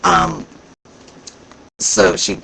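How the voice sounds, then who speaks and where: A man vlogging casually about a convention, rambling and excitable, with plenty of fillers. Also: extremely slow, a little hiss or hum, low-quality recording. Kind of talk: casual chat recounting events.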